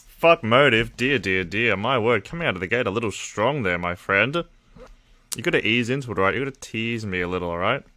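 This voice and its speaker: A man's voice: fairly low pitch, expressive, a little fast, bright, forceful tone, dry recording. A man, casually chatting on his livestream, joking crudely and reading chat aloud. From Australia. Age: 20s.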